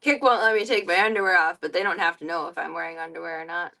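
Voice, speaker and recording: A woman's voice: lowish voice, fairly even intonation, quick pace, creaky, pushed and bright. A woman streamer chatting casually on a live stream, playful and giggly as she rambles. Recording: voice a bit distant from the mic.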